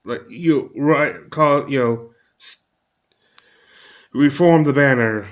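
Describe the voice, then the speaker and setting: A man recapping a tabletop game in casual commentary, talking in a halting way with frequent restarts. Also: medium pitch. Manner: halting, many restarts and fillers. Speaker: recap host.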